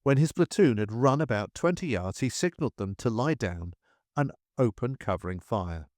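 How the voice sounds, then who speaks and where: A man narrating a First World War memoir in a measured, steady reading style. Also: medium pitch, no echo, clean studio sound.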